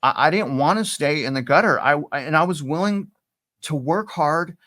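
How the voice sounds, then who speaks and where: Animated storytelling man, close dry mic. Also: moderate pace, dry recording. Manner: animated, repeats himself, acts out quotes with rising pitch. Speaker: podcast guest. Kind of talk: casual interview storytelling.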